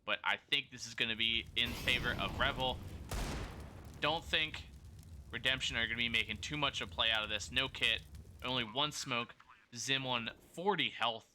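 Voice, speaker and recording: This esports caster works alone on a competitive shooter match, delivering rapid play-by-play through a sore throat, fixing his own slips and chatting with viewers between rounds. His mid-range voice is bright and forceful, with slight background noise.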